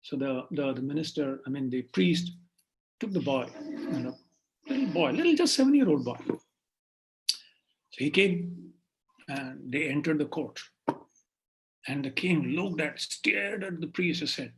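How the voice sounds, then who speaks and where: Animated preacher telling a story. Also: male voice, on the high side, measured pace, long pauses, slight background noise, poor audio. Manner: animated, acts out the story's voices. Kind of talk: storytelling sermon.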